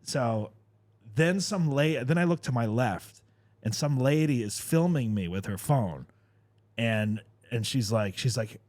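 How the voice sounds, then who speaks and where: A man's voice: mid-range voice, lively intonation, measured pace, a little mellow, no room sound. A man hosting a podcast, telling a long rambling story full of fillers and swearing. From New Jersey. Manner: rambling, filler-heavy, profane. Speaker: podcast host. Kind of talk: casual storytelling chat.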